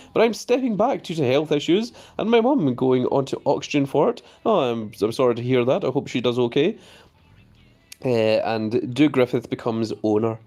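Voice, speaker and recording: A man hosting a casual live stream of a game, chatting about his cards and reading viewer messages aloud before answering them. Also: medium pitch. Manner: easily excited, voice jumps up on greetings.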